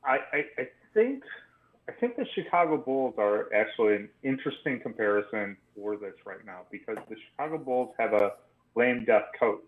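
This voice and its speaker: A man's voice: medium pitch, expressive, moderate pace, reverberant. A man co-hosting a casual sports podcast, laid-back and opinionated with joking asides. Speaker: podcast co-host. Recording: tinny phone-like line.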